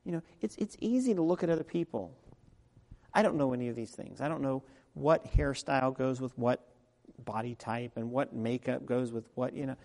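A man preaching a sermon as pastor, talking in a conversational way that drops to quiet asides and rises to loud, emphatic peaks. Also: mid-range voice, moderate pace, gravelly. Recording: long reverb of a large hall.

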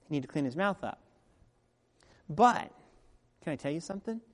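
Conversational preacher in a reverberant hall. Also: male voice, a little high, animated, moderate pace. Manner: conversational preaching, swings between soft asides and loud emphatic peaks. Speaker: pastor. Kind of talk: sermon. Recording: long reverb of a large hall.

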